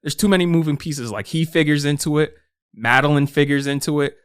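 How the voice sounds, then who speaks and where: A man co-hosting a casual film podcast, talking in an animated, profane way and acting out his own reactions. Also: on the high side, brisk, clear, resonant tone. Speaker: podcast co-host. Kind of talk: casual film review chat.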